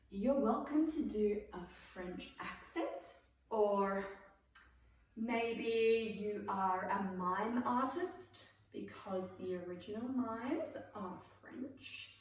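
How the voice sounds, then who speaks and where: A woman drama teacher running an online class for children, playful and calling out cues with bursts of excitement. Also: mid-range voice. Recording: echoey room, mic far off.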